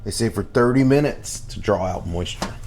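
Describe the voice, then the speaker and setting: A man in his forties cooking in his home kitchen, joking to himself and breaking into playful sing-song shouts. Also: lowish voice, normal speed. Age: 40s. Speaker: cooking vlogger. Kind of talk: goofy home cooking vlog. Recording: faint kitchen noise, sizzling pan.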